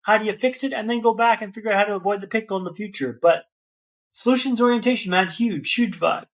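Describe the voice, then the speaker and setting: A man with a notably high voice tells his story as a podcast guest. He builds each scene in rhythmic repeated phrases and keeps calling the host "man". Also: quick pace. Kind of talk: dramatic storytelling in an interview.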